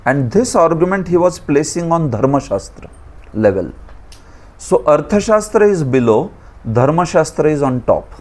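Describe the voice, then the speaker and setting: A man's voice: on the high side, big pitch swings, moderate pace, a little mellow. A man with an Indian accent teaching a scripture class, lecturing and asking his students questions, with chuckling asides.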